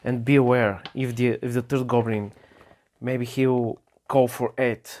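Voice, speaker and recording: A man's voice: medium pitch, little pitch movement, measured pace, darkish tone, slight background noise, lightly acted. A man voicing a practical, caring female companion in a solo tabletop game, in close to his own voice. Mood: urgent.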